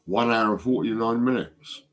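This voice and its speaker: A man's voice: lowish voice, moderate pace. A man talking to his phone in a rambling, swearing monologue, often repeating himself. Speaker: vlogger.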